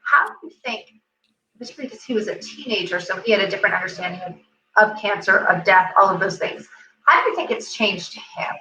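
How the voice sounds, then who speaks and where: A woman's voice: mid-range voice, expressive, fast, sharp tone. A woman hosting an interview, who talks in an empathetic way and often restarts her sentences as she thinks aloud. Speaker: interview host, parent. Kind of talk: casual interview chat. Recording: echoey, dull-sounding room with faint ambience.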